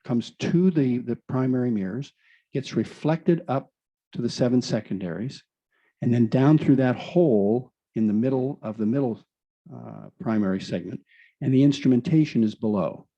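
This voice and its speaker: A man's voice: medium pitch, moderate pace, mellow, highs cut off. A man giving an enthusiastic explanatory presentation, explaining through rhetorical questions.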